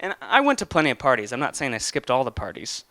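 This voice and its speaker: A man's voice: mid-range voice, wildly swooping pitch, quick pace, pushed and bright, no echo. A young man giving an earnest motivational talk and telling a personal story, with some restarts. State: getting emotional. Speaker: motivational speaker.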